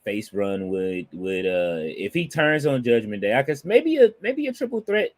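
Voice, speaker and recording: A man's voice: mid-range voice, sing-song, moderate pace, darkish tone, dry recording. A man co-hosting a casual wrestling chat, laid-back and hesitant, with many fillers. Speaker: podcast co-host.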